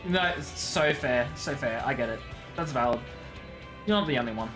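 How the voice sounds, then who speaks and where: Animated, laughing male streamer. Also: mid-range voice, moderate pace, music in the background. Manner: chatty, playful, laughs often, talks to chat. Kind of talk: casual live-stream chat.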